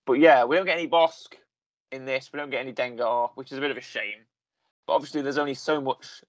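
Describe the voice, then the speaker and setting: A man's voice: mid-range voice, fast, no echo, muffled recording. A man co-hosting a podcast in casual chat, rambling and correcting himself often, with lots of fillers. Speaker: podcast co-host. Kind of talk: casual chat reviewing a series.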